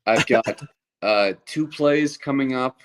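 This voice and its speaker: A man in his thirties, a stand-up comedian, chatting casually as a guest with lots of fillers and restarts and a dry, self-deprecating humor. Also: mid-range voice. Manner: halting, many fillers and restarts. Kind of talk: casual podcast chat.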